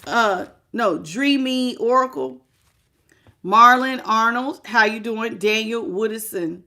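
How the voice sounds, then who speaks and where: A woman with a slightly high, pushed, bright voice takes her time hosting a live-stream tarot reading. She speaks right to the listener, greeting viewers by name as sweetheart and baby.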